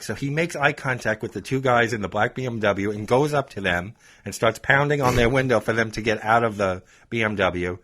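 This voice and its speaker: A man's voice: mid-range voice, fairly quick. A man from Long Island, New York, hosting a podcast, telling a road rage story in casual chat. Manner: animated, laughs often, acts out phone dialogue. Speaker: podcast host.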